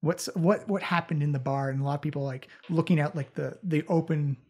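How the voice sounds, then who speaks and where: Husky-voiced man running a tabletop game. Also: a little high, steady tone, darkish tone. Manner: halting, filler-heavy narration. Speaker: game master.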